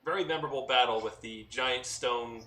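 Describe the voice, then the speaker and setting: A man narrating as game master of a tabletop game, talking in a relaxed way with many fillers. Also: mid-range voice, brisk. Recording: roomy echo, mic at a distance, faint noise.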